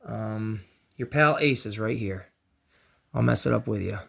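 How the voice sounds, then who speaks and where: A man's voice: lowish voice, a little slow, gravelly, husky. A man hosting a casual painting and crafts tutorial, chatty and encouraging, with joking slangy asides. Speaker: host of a toy and craft channel.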